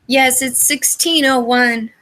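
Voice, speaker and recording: Woman co-hosting a call, brightish higher voice, plain steady talk. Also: takes it slowly. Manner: plain, reads coordinates aloud. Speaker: call co-host. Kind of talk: casual group call chat. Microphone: online voice call.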